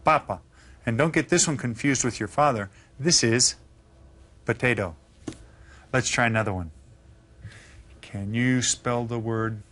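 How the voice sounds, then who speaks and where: A man teaches a recorded lesson in an even, mid-pitched voice. He sounds out words syllable by syllable and keeps checking in with encouraging questions. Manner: patient, slow enunciation of words; encouraging, asks students questions. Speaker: Spanish teacher.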